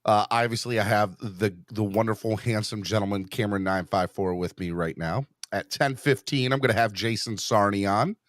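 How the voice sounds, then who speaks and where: A man hosting a sports podcast in casual chat, rambling and excitable, often restarting his sentences. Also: fairly low pitch, moderate pace, few pauses, no echo, studio quality. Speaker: podcast host.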